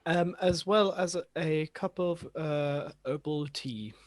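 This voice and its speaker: A man's voice: a little high, slow, no room sound. A man player narrating his character in a tabletop game, hesitant with many fillers. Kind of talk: tabletop role-play narration.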